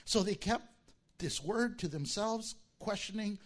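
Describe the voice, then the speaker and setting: Male pastor, high voice, swooping delivery, sermon with acted-out asides. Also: measured pace. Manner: animated, acts out disciples' voices.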